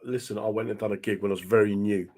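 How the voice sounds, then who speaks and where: A man's voice: lowish voice, fairly even intonation, rapid-fire, warm tone. A British man hosting a radio talk show, telling stories in a casual, chatty way and acting out the quotes. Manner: storytelling, chatty, acts out quotes. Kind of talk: casual chat.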